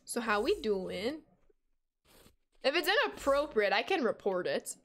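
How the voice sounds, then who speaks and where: High-voiced chatty young woman streamer. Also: a little slow. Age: 20s. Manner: chatty, reads out and answers chat while playing; excitable, sudden high squeals of surprise. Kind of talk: casual game stream chat.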